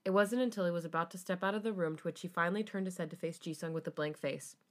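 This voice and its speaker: A woman's voice: lowish voice, fast. A young woman hosting a podcast, reading fanfiction aloud casually and breaking off for asides to her co-host.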